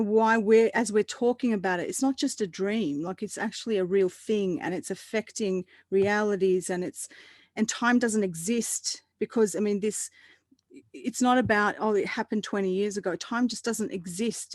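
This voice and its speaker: A woman guest in a casual roundtable chat, animated and quick to laugh, often restarting her sentences. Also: mid-range voice, no room sound, studio quality.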